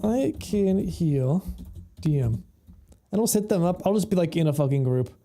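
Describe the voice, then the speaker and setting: Casting: a mellow-voiced, slightly high man as a chatty, foul-mouthed game streamer. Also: lively intonation, a little fast. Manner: rambling, laughs often, swears freely. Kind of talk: casual gameplay commentary.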